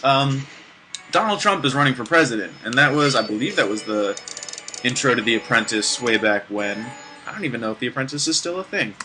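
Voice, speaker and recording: A man's voice: mid-range voice, animated, normal speed, background noise. Rambling man commenting on gameplay. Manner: rambling, many restarts and asides. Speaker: let's play gamer. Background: game music.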